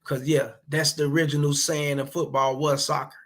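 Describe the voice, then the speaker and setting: A man's voice: a little high, level tone, moderate pace, a bit bright. A man hosting a casual livestream, answering viewers in loose, profane slang and talking straight to his chat.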